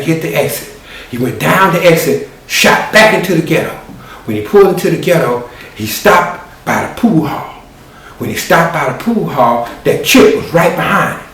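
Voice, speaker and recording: A man's voice: fairly high pitch, a bit bright. Folksy male storyteller in an echoey room. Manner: folksy, conversational, colloquial. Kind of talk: animated oral storytelling. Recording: roomy, distant, faint hiss.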